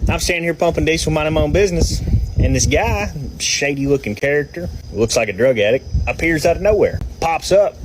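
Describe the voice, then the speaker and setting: A man's voice: on the high side, noisy background. A man telling a story casually, in a blunt and profane manner.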